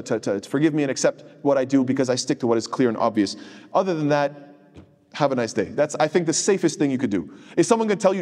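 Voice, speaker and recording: A man teaching an Islamic studies class at a quick pace, mid-pitched. He gets animated and wanders into tangents, quoting Arabic before explaining it. His voice carries a long hall reverb. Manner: animated, digressive, quotes hadith in Arabic. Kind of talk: lecture.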